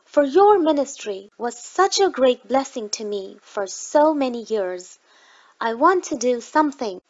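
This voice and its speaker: A woman's voice: fairly high pitch, lo-fi sound. A woman voicing a poor, very old woman who pleads in a trembling voice.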